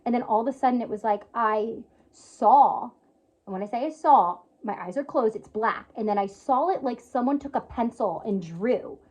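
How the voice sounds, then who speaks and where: A woman's voice: fairly high pitch, normal speed, a little mellow. A young woman earnestly telling a personal story in casual vlog style, emotional and full of fillers. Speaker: yoga teacher and spiritual healer sharing a personal story. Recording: slightly dull lo-fi sound.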